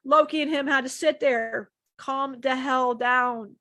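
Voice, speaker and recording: A woman's voice: sits high, steady tone, a little slow, bright, forceful tone, no echo. A woman co-hosting a live stream, sharing personal struggles in a rambling, emotional way, often restarting sentences and swearing casually. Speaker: channeler co-host.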